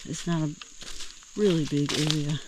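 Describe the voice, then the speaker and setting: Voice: medium pitch, steady tone, moderate pace, noisy background. A hiker vlogging outdoors on a forest trail, chatting casually and thinking aloud in a rambling, easygoing way. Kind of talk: casual trail vlog narration. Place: outdoors in the woods by a creek.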